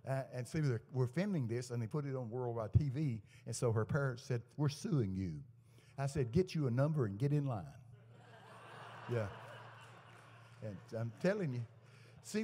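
A man preaching a sermon to a live congregation, telling folksy stories and acting out the dialogue in them. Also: mid-range voice. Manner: folksy anecdotes with lively quoted dialogue. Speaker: guest preacher. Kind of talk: storytelling sermon. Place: church service to a live congregation. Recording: echoey church hall.

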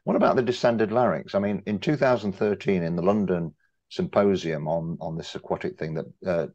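A very deep-voiced older man makes his point from the audience, animated and emphatic as he builds up to a long question. The audio is dull and muffled, with a lo-fi feel. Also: brisk. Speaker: audience member asking a question. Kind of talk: discussion after a talk.

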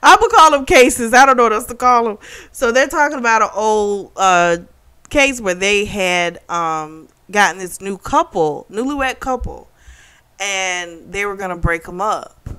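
Woman book reviewer, chatty and giggly, bright and smooth tone, retelling plots. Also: mid-range voice, a little slow. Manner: chatty plot retelling, laughing often. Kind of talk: casual chat.

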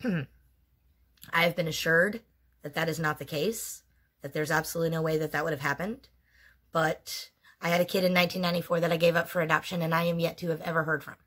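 Blunt, profane woman with a lowish voice. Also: husky. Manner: blunt, profane, emotionally raw storytelling. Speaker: vlogger telling her life story. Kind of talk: candid storytime monologue.

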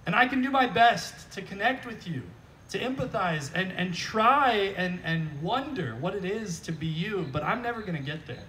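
A high-pitched, bright-toned man preaching at an outdoor service with an animated, joking, conversational manner. His pitch swings widely as he talks. He sounds set back from the mic, with faint noise behind him. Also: normal speed, far from the mic, rough recording. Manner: animated, joking, repeats "right?". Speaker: pastor. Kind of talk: conversational sermon.

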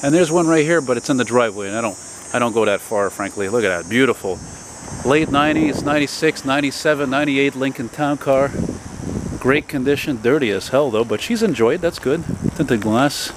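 A man's voice: medium pitch, brisk. Rambling man on a noisy street. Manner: rambling, chatty, swears casually. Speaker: vlogger. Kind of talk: casual walking commentary. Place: outdoors on a busy residential city street. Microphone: handheld camera while walking. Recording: noisy outdoor street recording. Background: passing traffic.

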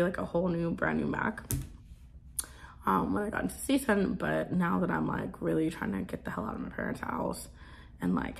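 Young woman vlogger, casual rambling chat, gravelly low edges, faint background hiss. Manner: rambling, filler-heavy, soft coos to her pet.

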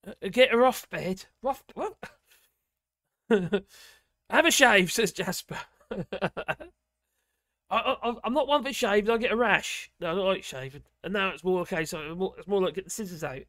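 A man's voice: high voice, animated, moderate pace, a bit bright, no room sound, studio quality. A middle-aged man with a giggly, self-mocking manner, chatting casually as host of a live stream. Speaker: livestream host.

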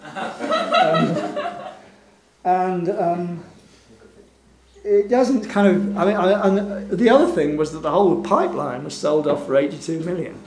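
Guy giving a talk at a gallery, kinda high voice, lots of ums, chuckles a lot, roomy echo. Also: wildly swooping pitch, a little slow. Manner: hesitant, many fillers, wry and chuckling. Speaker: invited speaker. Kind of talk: informal public talk over slides. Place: gallery event room. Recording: echoey room with faint background hum.

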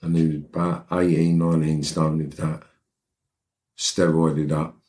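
This middle-aged Londoner has an extremely low, mellow voice that barely moves in pitch, and he keeps a measured pace. Appearing as a guest on a podcast interview, he rambles through a story in a blunt, streetwise way, tossing in "right?" to check his listener is following.

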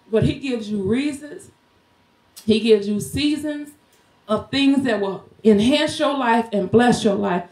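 A woman's voice: high voice, a little mellow. A woman preaching a Mother's Day sermon in a home church, fervent, sometimes singing and laughing as she talks. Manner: fervent, breaks into song, laughs while preaching. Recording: echoey room.

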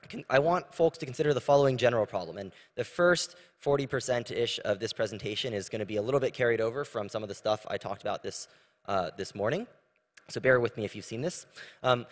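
A young man presents a technical talk on a conference stage, with a loose, conversational delivery full of fillers. His voice has a mid pitch, and the long reverb of a large hall trails behind it. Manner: casual, conversational with frequent fillers.

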